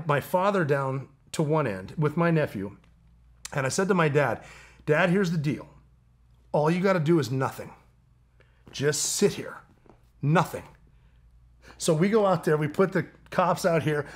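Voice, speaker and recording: Guy telling a wild hunting story, kinda high voice, laughs a lot and acts out what people said. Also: moderate pace. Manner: animated storyteller, laughs often, mimics people in quotes. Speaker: guest. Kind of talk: storytelling in a casual interview.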